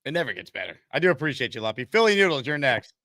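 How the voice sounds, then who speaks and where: A man's voice: medium pitch, sing-song, rapid-fire, sharp tone, dry recording, studio quality. A male host of a sports talk livestream, talking energetically and reading out viewer comments.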